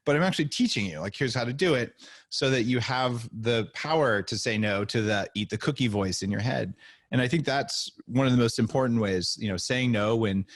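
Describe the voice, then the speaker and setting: A man as a podcast guest, telling stories in a casual, animated way and acting out the dialogue. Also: mid-range voice, brisk, no echo, clean studio sound. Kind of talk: casual interview storytelling.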